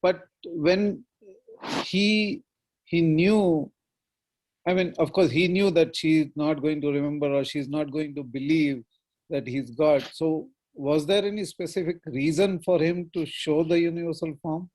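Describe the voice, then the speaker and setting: A man in a scripture class asking a hesitant, halting question. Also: fairly high pitch, darkish tone, low-quality recording. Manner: hesitant, restarting.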